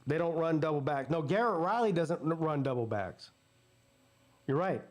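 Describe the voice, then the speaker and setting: A high-pitched man talks through a live football game, calling each down and yardage. Between plays he breaks into blunt, profane rants. He keeps the loose, running commentary of a watch-party host. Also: animated, normal speed. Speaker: sports channel host.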